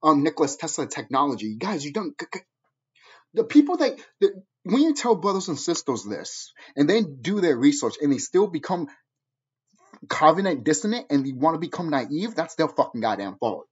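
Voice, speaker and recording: A man's voice: a little high, sing-song, moderate pace, slightly rough. A man ranting at viewers in a profane, angry, preachy monologue, heard on a dull lo-fi recording. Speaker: vlogger.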